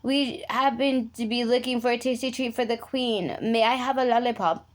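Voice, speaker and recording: A woman's voice: on the high side, fairly even intonation, normal speed, close to an everyday voice. A woman reading a storybook aloud, voicing a polite, eager young girl in a lightly raised voice.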